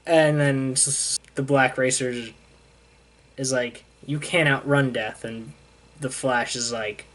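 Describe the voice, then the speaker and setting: A man's voice: medium pitch, steady tone, measured pace, fairly bright tone. A young man, a comic book reviewer, casually recapping a story and paraphrasing the characters' lines as he goes. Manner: casual, retells scenes with "he's like" paraphrases.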